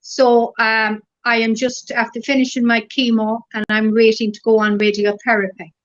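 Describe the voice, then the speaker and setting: A middle-aged woman with an Irish accent, a guest in a casual interview, telling stories gently and rambling through lots of fillers. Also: a little high, level tone, moderate pace. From Ireland. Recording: dull lo-fi recording.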